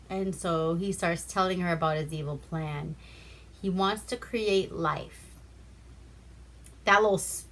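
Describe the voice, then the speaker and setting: A woman's voice: fairly low pitch, pushed and bright. A woman from Alaska casually retelling a movie plot in a loose, chatty way, swearing freely between fillers. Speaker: movie reviewer.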